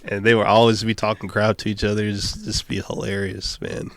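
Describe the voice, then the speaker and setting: Easygoing low-voiced storytelling man. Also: level tone, fairly quick, a bit bright, slight background noise. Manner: easygoing storyteller who laughs often. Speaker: podcast guest. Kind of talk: casual podcast conversation.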